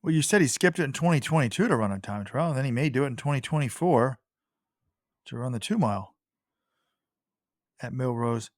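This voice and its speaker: A man's voice: mid-range voice, animated, brisk, long pauses, no room sound, clean studio sound. A man co-hosting a podcast in casual chat, giving opinionated, critical commentary. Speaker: podcast co-host.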